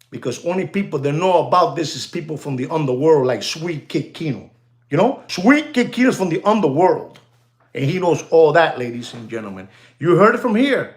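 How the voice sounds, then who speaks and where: Older male watch dealer doing a livestream rant, high-pitched, swooping all over, repeats himself, sprinkles in Spanish slang. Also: normal speed. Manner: animated, rambling, repeats himself, addresses audience as ladies and gentlemen. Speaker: watch dealer hosting his channel.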